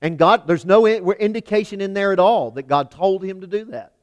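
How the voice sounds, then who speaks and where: A man preaching a sermon in a church, emphatic, swinging from loud declarations to hushed lines. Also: high voice, fairly quick. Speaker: pastor. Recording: long hall reverb.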